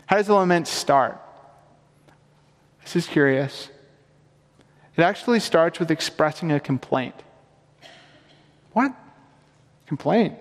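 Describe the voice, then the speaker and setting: A man's voice: a little high, a little slow, long pauses, big-room sound. A man preaching a sermon in an earnest, emphatic way, often rising into questions. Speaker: pastor.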